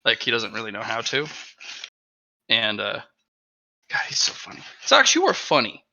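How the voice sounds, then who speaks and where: Give me an animated man on a call, with a very bright, swinging voice through a dry, lo-fi mic. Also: lowish voice, moderate pace, vocal fry, dry recording. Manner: rambling, animated, chatting to his dog. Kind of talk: casual chat on a call. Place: at home.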